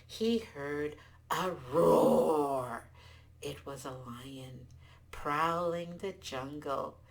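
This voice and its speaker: A woman telling a folktale aloud, expressive with small restarts. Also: sits low, slow. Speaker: storyteller. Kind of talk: folktale storytelling.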